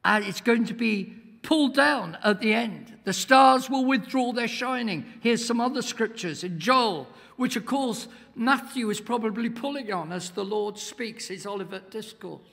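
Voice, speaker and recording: A man preaching a sermon as a guest speaker in a church. He is emphatic, swells to near-shouts and asks the congregation questions. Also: extremely high pitch, moderate pace, gravelly. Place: church hall. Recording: long hall reverb.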